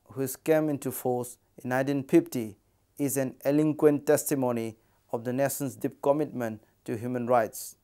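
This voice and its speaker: Mellow-voiced Indian man giving a lecture. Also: mid-range voice. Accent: Indian English. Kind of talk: recorded academic lecture.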